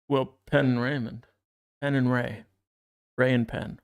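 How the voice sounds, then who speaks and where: Gravelly-voiced man hosting a casual podcast. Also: mid-range voice, level tone, unhurried. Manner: chatty, prone to tangents, reads scripture aloud. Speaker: podcast co-host. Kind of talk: casual chat and Bible reading.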